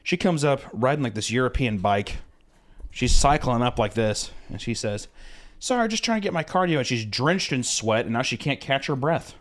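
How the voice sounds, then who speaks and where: A man guesting on his mother's podcast, teasing her with sarcastic, deadpan jokes. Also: mid-range voice, normal speed. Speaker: podcast guest, online animator. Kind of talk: casual podcast banter.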